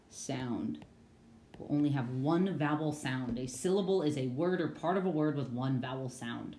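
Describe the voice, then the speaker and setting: Upbeat young woman teacher for a kids' online reading lesson; lower voice, roomy echo. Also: normal speed, a little mellow. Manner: upbeat and playful, sings phrases.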